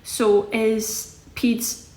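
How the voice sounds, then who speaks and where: A woman's voice: fairly high pitch, level tone, extremely slow, dark tone. Chatty echoey young woman from Scotland. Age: 20s. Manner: chatty, rambling, self-correcting. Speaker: livestream host. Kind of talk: casual livestream chat reading comments. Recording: echoey room.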